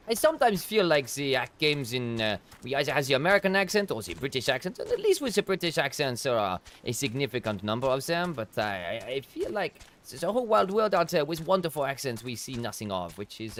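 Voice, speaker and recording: A man's voice: mid-range voice, fairly bright tone, slight background noise. A man streaming a game, chatting in a rambling, self-interrupting way as he plays and reads. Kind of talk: let's play commentary.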